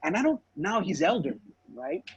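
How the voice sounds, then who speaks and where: A man's voice: high-pitched, sing-song, moderate pace, slightly rough, highs cut off. A man co-hosting a podcast, telling a story in casual chat, swearing freely and acting out his relatives' lines. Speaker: podcast co-host.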